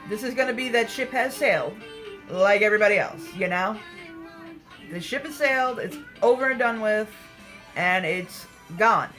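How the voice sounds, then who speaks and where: A woman's voice: medium pitch, normal speed, fairly bright tone, faint music behind, rough recording. A woman hosting a casual livestream, answering viewer comments in a candid, blunt way, swearing freely and laughing often. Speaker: livestream host.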